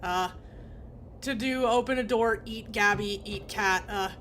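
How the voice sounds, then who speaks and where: A woman's voice: fairly high pitch, unhurried, soft background music. A woman streaming a video game, reading its text aloud with casual, laughing asides.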